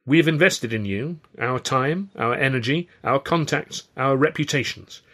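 A man's voice: mid-range voice, normal speed, fairly bright tone, voice pushed up, close to an everyday voice. A man playing a cold, clipped agent. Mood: icy. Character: cold, aloof male agent.

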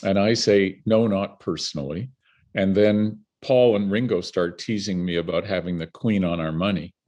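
An older Canadian man whose voice sits low talks at normal speed, a guest sharing stories in conversation. He's an animated, vivid storyteller who laughs between anecdotes.

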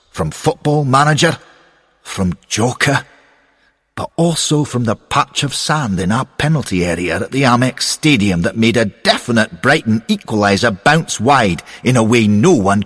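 Keen earnest ghost football boss, read by a man, slow and husky with long echoey reverb. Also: medium pitch, a bit bright, pitched above the performer's own voice. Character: eager earnest male ghost football manager.

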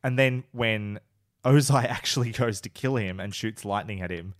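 A man co-hosting a casual podcast, retelling favourite scenes with enthusiasm and getting emotional. He swears casually and talks in a relaxed, rambling way. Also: fairly low pitch, moderate pace, no room sound, studio quality. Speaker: podcast co-host. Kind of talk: casual chat.

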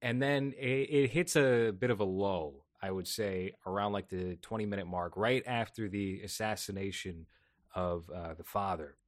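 A man co-hosting a podcast, reviewing a film in measured, deadpan critic phrasing. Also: sits low, dry recording, clean studio sound. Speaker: podcast co-host.

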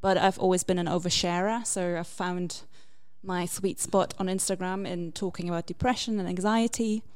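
A woman from Germany, a guest on a podcast, telling a personal story openly and thoughtfully with frequent pauses. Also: lowish voice, steady tone, clean tone. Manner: open, thoughtful, pauses with ums. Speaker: podcast guest, comedy writer. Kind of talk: conversational storytelling.

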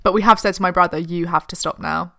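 A woman's voice: fairly low pitch, fairly even intonation, quick pace, vocal fry, a bit bright, dry recording, studio quality. A young woman with a posh southern English accent, co-hosting a podcast in casual chat and talking in an agreeable, reflective way. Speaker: podcast co-host.

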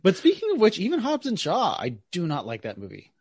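A man's voice: sits high, huge pitch swings, fairly quick, crowd noise. A man co-hosting a podcast in casual chat, blunt and disparaging in his opinions. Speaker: podcast co-host.

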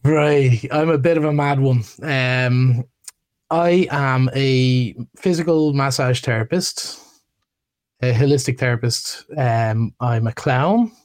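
A man's voice: mid-range voice, slow, darkish tone. A man, a podcast guest, talking loosely with many fillers. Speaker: guest, massage therapist. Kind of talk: casual interview.

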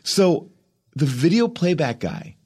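A man guest on a podcast, telling a story animatedly, acting out quotes and restarting his sentences fast. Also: fairly high pitch, big pitch swings, dark tone, husky. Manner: acts out quotes, rapid restarts.

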